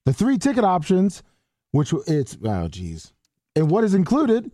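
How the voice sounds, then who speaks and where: A man co-hosting a radio show, haltingly reading a promo aloud and restarting lines after corrections. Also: sits high, wildly swooping pitch, dark tone, dry recording, studio quality. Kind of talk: stumbling promo read on air.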